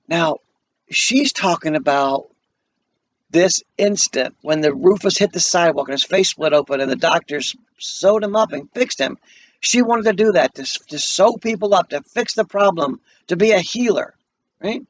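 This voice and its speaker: A man teaching a play, pausing the reading to explain it and put questions to students, on a muffled lo-fi recording. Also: sits high, lively intonation, slight background noise.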